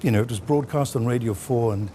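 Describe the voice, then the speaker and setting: A Welsh-born man speaking as a studio guest in a broadcast interview, telling a story with many pauses and fillers. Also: medium pitch, mellow, a little hiss or hum. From Wales.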